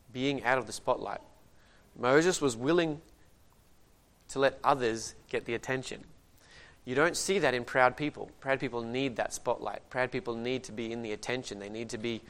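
A man delivering a church sermon at an ordinary middle pitch. He moves between soft, confiding asides and louder stressed phrases as he teaches. His delivery stays earnest and steady. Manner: varies loudness widely, reads King James passages aloud. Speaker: preacher. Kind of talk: sermon with scripture reading.

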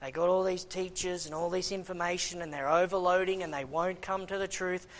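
A male preacher delivering a sermon in an animated way. He swings from shouted exclamations down to hushed, low asides and then back up again. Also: fairly quick.

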